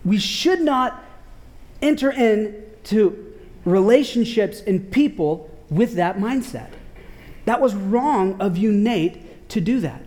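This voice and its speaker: Male preacher, high voice, loose and animated, slangy storytelling from the pulpit. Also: takes it slowly. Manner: animated, slangy, many "like" fillers. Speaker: pastor. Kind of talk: casual storytelling sermon.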